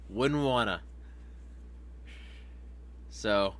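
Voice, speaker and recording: A man's voice: medium pitch, expressive, a little slow, a bit bright. A man hosting a casual livestream, swearing freely, laughing often and reading viewer comments aloud. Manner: profane, laughing, reads chat comments aloud. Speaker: vlog host.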